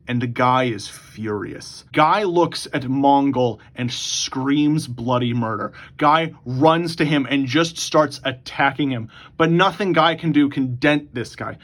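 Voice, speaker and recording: A man hosting his own channel, recapping an imagined story in a casual, excitable, profane way, rushing through in bursts. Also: medium pitch. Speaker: YouTube host.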